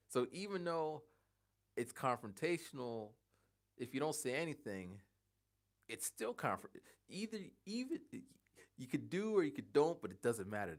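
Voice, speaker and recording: A man in his forties chatting casually on a livestream, rambling and halting, thinking aloud with many restarts. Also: fairly low pitch. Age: 40s.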